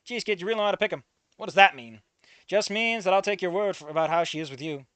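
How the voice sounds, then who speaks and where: A man's voice: high voice, expressive, fast, fairly bright tone, dry recording, voice pushed up. A man doing a nasal, smarmy cab driver. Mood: smug. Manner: mocking, teasing. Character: smarmy nosy middle-aged male cab driver.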